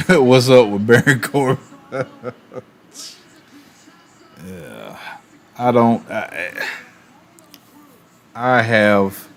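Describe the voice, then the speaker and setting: A man streaming and chatting casually, animated, with quick asides and laughs. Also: mid-range voice. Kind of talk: casual chat while opening cards.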